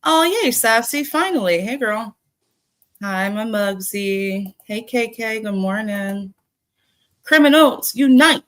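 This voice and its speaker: A woman hosting a live stream panel, greeting her chat one name after another. She talks slowly and easily, with casual swearing and frequent laughs. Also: medium pitch, a bit bright. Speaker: livestream host.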